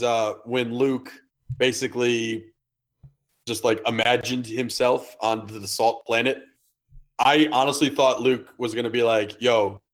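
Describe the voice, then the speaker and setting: A man in casual podcast chat, laid-back and rambling. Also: mid-range voice. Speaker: podcast guest.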